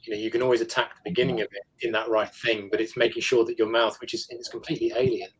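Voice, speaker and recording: A British man with a British English accent, a guest actor chatting in a relaxed way. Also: medium pitch, very fast, husky, low-quality recording. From England. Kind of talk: casual roundtable chat.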